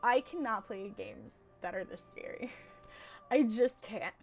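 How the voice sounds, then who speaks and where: A young woman with a high-pitched, squeaky voice, chatting casually and rambling on a live stream, swinging between loud and hushed. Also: measured pace, faint music behind. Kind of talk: casual chat.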